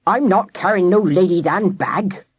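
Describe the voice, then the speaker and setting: Woman as gruff, nervous old man, strained voice, rough common speech. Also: lowish voice, measured pace.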